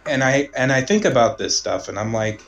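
A man from Omaha telling a personal story in casual conversation, rambling, restarting sentences and trailing off softly. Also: medium pitch, animated, fairly quick, vocal fry, rough recording.

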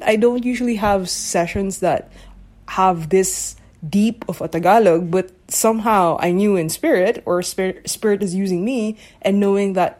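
A woman muses aloud on her casual solo podcast, searching for words and often checking that the listener is following. Her voice is medium-pitched and a little mellow, at a moderate pace.

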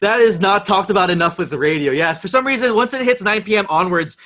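High-voiced man telling stories. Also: fast talker. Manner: animated storyteller, laughs often, mimics voices. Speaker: radio DJ and podcast guest. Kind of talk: casual chat.

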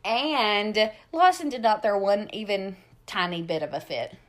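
A woman in her thirties co-hosting a casual podcast, telling animated stories and acting out what people said. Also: mid-range voice, a little slow. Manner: animated storytelling, acting out quotes. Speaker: podcast co-host. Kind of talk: casual chat.

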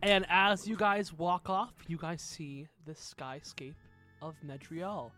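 Male game master, high and bright voice, loose and laughing, casual swearing. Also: steady tone, slow pace, faint music behind. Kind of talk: narrating a tabletop game.

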